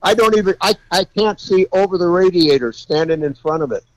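A man guest, a custom car builder, telling folksy, animated stories and laughing along the way. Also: high-pitched, brisk, crowd noise, poor audio. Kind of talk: anecdotal storytelling.

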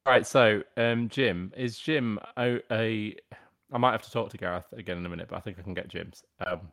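A man playing an improv game on a comedy podcast, often hesitant and filling pauses with ums. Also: fairly low pitch, a bit bright.

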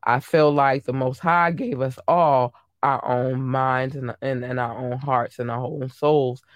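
A podcast host chatting casually on a livestream, gushing and affectionate, calling listeners babies and darlings, with the voice leaping between low murmurs and high squeals. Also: fairly even intonation, unhurried, no echo, clean studio sound.

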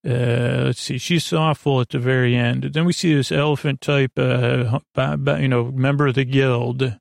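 Gravelly, monotone man recapping an episode. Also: medium pitch, dry recording, clean studio sound. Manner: rambling, unhurried, lots of fillers. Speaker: podcast host. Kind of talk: sleepy bedtime episode recap.

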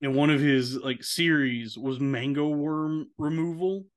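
A man co-hosting a casual podcast chat tells a long, rambling story, saying "dude" a lot and mimicking voices when he quotes people. His voice is a little high, with fairly even intonation and a slightly slow pace.

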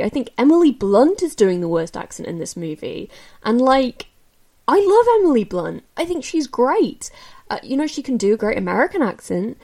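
A woman casually reviewing films she watched, candid and chatty, with many fillers and restarts, jumping up in pitch when she gets opinionated. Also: mellow. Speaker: film reviewer. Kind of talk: casual spoken film review.

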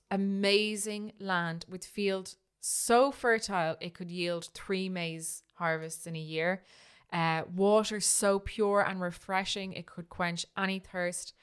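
A woman's voice: medium pitch, smooth. A woman co-hosting a podcast, telling a history story in a chatty way, often restarting and tagging lines with "right?". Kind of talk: casual storytelling chat.

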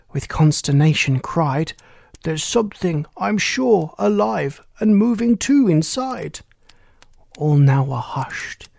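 A reader reciting rhyming verse in a measured way, often dropping to a hushed, breathy near-whisper. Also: medium pitch, dry recording.

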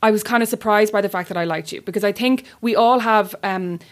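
A woman, co-hosting a casual chat, teasing and arguing her points quickly. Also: medium pitch.

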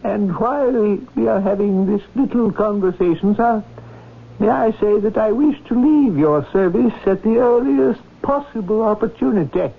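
A man's voice: sits high, expressive, moderate pace, creaky, a little hiss or hum. An actor playing a stiff male butler who is clipped and coldly polite, in a 1970s radio drama. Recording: tinny old radio broadcast.

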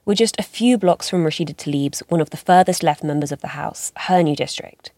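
Low-voiced woman news reporter narrating. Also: darkish tone, no room sound, clean studio sound. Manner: measured, explanatory.

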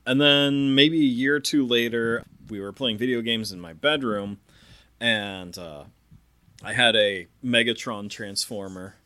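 A man in his thirties, a podcast host, telling a ghost story in a casual, animated way and acting out the sounds. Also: mid-range voice, measured pace, smooth. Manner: animated, acts out sounds and quotes.

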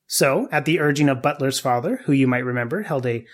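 A man hosting a casual podcast, telling a story in an animated way and laughing often. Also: medium pitch, fairly quick.

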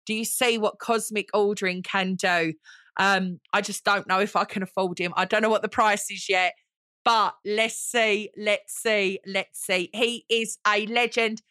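A woman's voice: mid-range voice, sharp tone, no room sound, studio quality. A woman, hosting a chatty solo podcast in a gushing, theatrical way and calling listeners honey. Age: 40s. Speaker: podcast host.

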